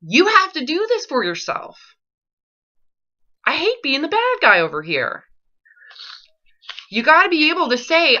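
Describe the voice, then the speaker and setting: Woman, recovery coach: bright voice, blunt and confrontational, swears, keeps pressing questions; dull lo-fi audio. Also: high-pitched, wildly swooping pitch, measured pace, long pauses. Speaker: eating disorder recovery coach.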